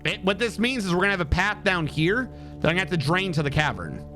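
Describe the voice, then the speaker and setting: A man's voice: high-pitched, expressive, fast, pushed and bright, faint music behind. A man streaming a building game, muttering and counting tiles aloud while getting frustrated. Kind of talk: live gameplay commentary.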